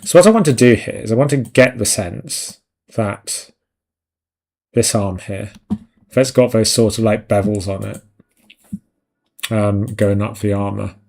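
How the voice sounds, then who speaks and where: Guy streaming while he paints, gravelly voice, rambles and swears a lot. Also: lowish voice, a little slow, pauses often, a little mellow. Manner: rambling, sweary, self-mocking. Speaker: digital art streamer. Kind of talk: casual live-stream chat while painting.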